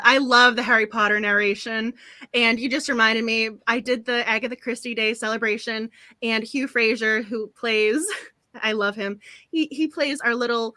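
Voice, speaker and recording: A woman hosting a book club stream, chatting casually with frequent giggles and quick apologies. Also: a little high, sharp tone, no room sound. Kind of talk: casual live-stream chat.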